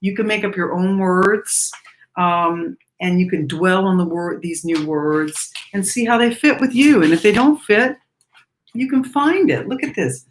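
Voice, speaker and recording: A woman giving a breathing lesson, speaking gently and reflectively and singing lines of a song between her remarks. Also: lowish voice, measured pace, reverberant, a little hiss or hum, rough recording. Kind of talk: breathing lesson with sung demonstration.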